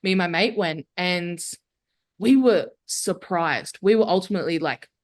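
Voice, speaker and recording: A woman's voice: fairly low pitch, normal speed. A young adult woman, a guest filmmaker chatting casually and candidly on a podcast, full of "like" fillers. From Australia.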